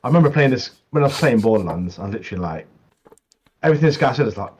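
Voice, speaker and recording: A man's voice: medium pitch, rapid-fire, husky, muffled recording. A young man co-hosting a casual gaming podcast, laughing often and acting out funny moments. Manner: laughs often, animated retellings. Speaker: podcast co-host.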